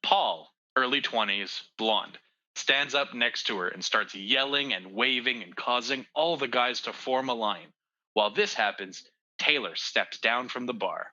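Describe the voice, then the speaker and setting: A man's voice: unhurried, highs cut off. A man from Canada co-hosting a comedy podcast over a video call, reading script directions and teasing his friends. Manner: excitable, teasing, jumps up in pitch.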